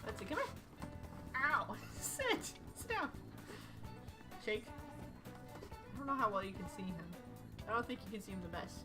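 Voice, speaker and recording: A woman's voice: mid-range voice, moderate pace, pauses often, over music. A woman streaming a game live from home, chatting playfully with her viewers and her dog and laughing often. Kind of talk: live gameplay commentary.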